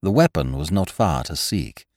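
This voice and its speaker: Narrator: a man with a low voice and lively inflection, for a dry, close audiobook read. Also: moderate pace, no echo. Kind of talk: scripted story narration.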